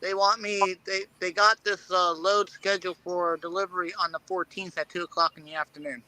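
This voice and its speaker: A man's voice: sits high, flat delivery, a little fast, bright, forceful tone, dry recording, low-quality recording. A man, a truck driver, talking casually from his truck cab with short matter-of-fact replies. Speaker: truck driver panel guest. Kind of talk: casual chat.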